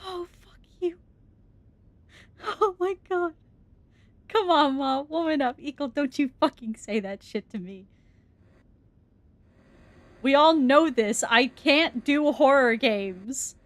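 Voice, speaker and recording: A woman streamer narrates her horror game in a high voice at an unhurried pace. She is jumpy and easily scared, cursing at the screen and laughing nervously. The sound is dry and close. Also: expressive, dry recording. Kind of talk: let's-play commentary.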